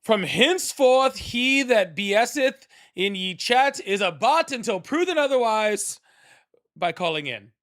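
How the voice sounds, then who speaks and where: A man putting on the voice of a pompous medieval male herald, proclaiming slowly. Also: high voice, sing-song, fairly bright tone, pitched above the performer's own voice, exaggerated voice. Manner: slow proclaiming.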